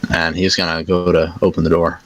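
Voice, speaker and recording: A man's voice: low voice, flat delivery, fairly quick. A man playing in a tabletop game, playfully narrating what his character does. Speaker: player.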